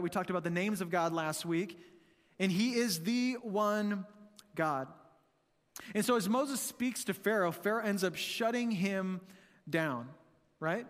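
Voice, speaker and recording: A man with a high, light voice preaches a sermon in a casual, conversational way, checking in with the congregation through constant rhetorical questions. His voice carries a long reverb, as if picked up in a large church hall. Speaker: pastor.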